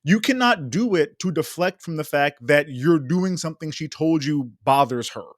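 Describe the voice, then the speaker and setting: A man joins a casual podcast chat as a guest, his voice sitting a bit high for a man. He speaks earnestly and gives frank relationship advice. The recording is dry and close. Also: expressive, normal speed, no room sound.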